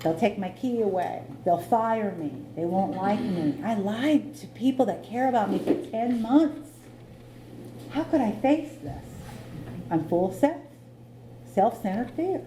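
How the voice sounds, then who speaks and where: Giving a personal recovery testimony in a meeting room, a middle-aged woman tells her story frankly and pokes fun at herself. She speaks at a medium pitch, expressively and at a measured pace. There's background noise and the room echoes.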